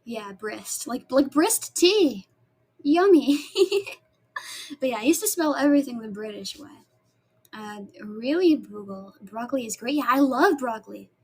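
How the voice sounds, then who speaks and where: High-voiced chatty woman, Spanish native. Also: expressive, measured pace, breathy edge. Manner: chatty, rambling, reads chat aloud. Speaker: streamer. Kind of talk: casual chat while painting nails.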